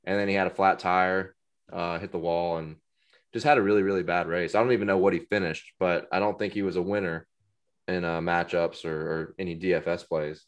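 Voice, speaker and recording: A man's voice: sits low, steady tone, fairly quick. A man co-hosting a casual racing betting podcast, talking in a rambling way with lots of fillers. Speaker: podcast co-host, sports bettor. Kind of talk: casual sports betting chat.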